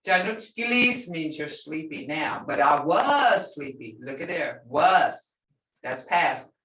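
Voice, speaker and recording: An older woman teaching a language class in a relaxed, chatty way, repeating phrases slowly and laughing often. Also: deep voice. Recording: echoey room, mic set far off.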